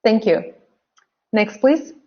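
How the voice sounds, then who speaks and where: A woman teaching English pronunciation in an online webinar, drilling phrases slowly by repeating them. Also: mid-range voice, lively intonation, gravelly, dull audio. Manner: slow, drilling phrases by repetition.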